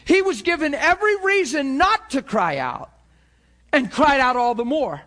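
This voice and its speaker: High-voiced preacher swinging from shouts to hush. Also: male voice, big pitch swings, normal speed. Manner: repeats words and restarts often. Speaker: pastor. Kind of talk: sermon.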